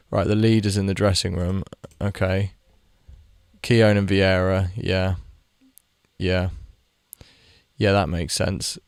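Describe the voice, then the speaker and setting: A gaming video creator, a young man with a low voice and vocal fry, rambles casually while he plays, swearing freely and talking to the players on screen. The recording is studio quality, with no room sound.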